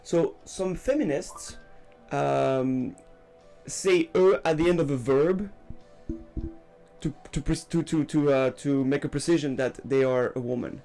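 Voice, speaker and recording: French guy on a podcast, gravelly voice, bit higher pitched, hesitant and restarting, faint music behind. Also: unhurried, mellow. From France. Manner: hesitant, restarts often, thinks aloud. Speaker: podcast co-host. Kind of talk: casual chat.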